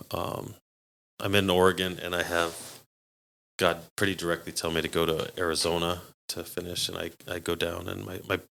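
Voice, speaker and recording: A man's voice: deep voice, vocal fry, a little hiss or hum. A man, a podcast guest, telling stories in a casual way and acting out the people he quotes. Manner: animated, acts out quoted voices with laughs. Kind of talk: casual storytelling.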